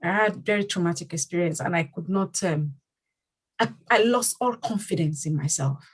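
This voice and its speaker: Her voice is fairly low and husky, her pace moderate, and the audio poor. She is a community leader hosting a panel discussion who speaks earnestly and leans on repeated phrases for emphasis.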